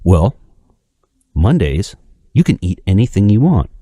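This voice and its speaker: A man voicing a smug male Satan who pitches the pleasures of hell in a breezy salesman way while telling a joke. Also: sing-song, a little slow, warm tone, no room sound, clean studio sound. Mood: smug pitching.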